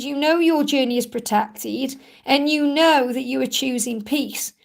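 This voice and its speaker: A woman with a high voice reads tarot cards for viewers on a live stream. She reassures them and repeats her points. Her voice is a bit croaky from talking a lot. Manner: reassuring, repetitive, reads viewer questions aloud. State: croaky from overuse. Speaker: tarot reader hosting a live Q&A. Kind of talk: live stream card reading.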